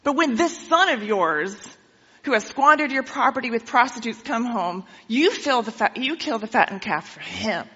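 A woman's voice: on the high side, expressive, normal speed, bright, forceful tone, slightly rough, heavily acted. A woman playing a grumbling, resentful older brother. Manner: complaining, indignant. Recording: dull with long hall reverb.

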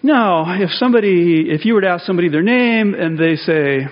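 A man preaching a sermon to a congregation in a relaxed, conversational way, often restarting phrases and rising sharply for emphasis. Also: high-pitched, brisk. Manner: conversational, self-interrupting, rises emphatically on key points. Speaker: pastor. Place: church sanctuary. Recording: dull audio with long hall reverb.

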